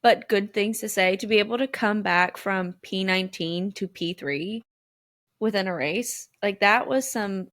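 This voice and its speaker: A woman's voice: medium pitch, a little slow. A woman co-hosting a podcast, walking through a race in casual chat and acting out quotes with feeling. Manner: animated storyteller, acts out quotes. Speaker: podcast co-host.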